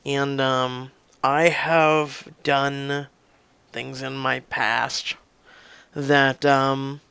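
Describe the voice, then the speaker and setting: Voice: mid-range voice, flat delivery, drawn-out words, vocal fry, bright, forceful tone, smooth, no room sound. A YouTube gamer giving casual, rambling and candid commentary between story scenes, with many fillers and restarts.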